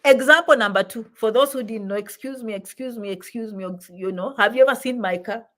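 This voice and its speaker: Hosting an immigration advice live stream, a middle-aged woman speaks emphatically to her viewers in a slightly high, brisk, fairly bright voice. She repeats herself and pauses for affectionate asides.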